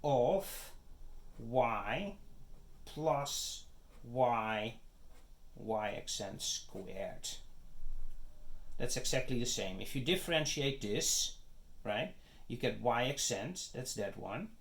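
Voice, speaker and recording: A man's voice: mid-range voice, animated, very slow, gravelly, pauses often, fairly bright tone. A man giving a math lecture, working through the steps one at a time and often checking in with "okay?" and "right?". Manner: methodical, step-by-step, frequent "okay?" checks. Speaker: teacher.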